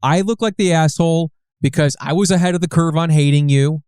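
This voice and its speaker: A man's voice: a little high, fairly quick, a little mellow, smooth, no echo, studio quality. A man co-hosting a podcast in casual chat, wry and self-mocking, swearing now and then. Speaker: podcast co-host.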